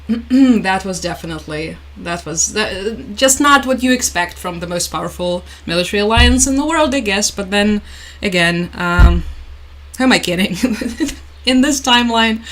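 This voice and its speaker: A woman's voice: mid-range voice, a bit bright, a little hiss or hum, low-quality recording. A young woman hosting a casual live stream, chatting, laughing often and reading out viewer comments. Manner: chatty, laughs often, reads chat aloud.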